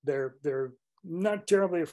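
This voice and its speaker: A man's voice: fairly high pitch, unhurried, dark tone. Rambling older man giving a bird talk. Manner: rambling, restarts often. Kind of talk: informal illustrated talk.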